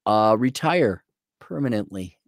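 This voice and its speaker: A man's voice: on the low side, lively intonation, unhurried, no echo, clean studio sound. A man co-hosting a casual livestream who rants bluntly and sarcastically, with profanity. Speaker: co-host.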